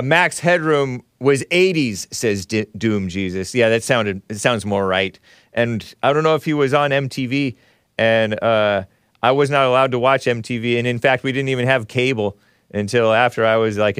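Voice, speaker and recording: A man's voice: lowish voice, clean tone, no echo, studio quality. A man hosting a call-in show, chatting casually with callers and mocking the news with scoffing asides.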